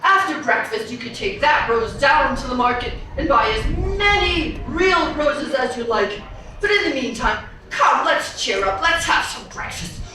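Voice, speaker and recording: A woman acting as a greedy, giddy king who exclaims over everything with a high, swooping voice. He talks slowly and brightly. The sound booms with echo and comes from well away from the mic. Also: lively intonation, a little hiss or hum, full character voice. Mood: gentle. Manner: exclaiming, wonderstruck, theatrical. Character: greedy, giddy king, middle-aged man. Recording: booming echo, mic far off.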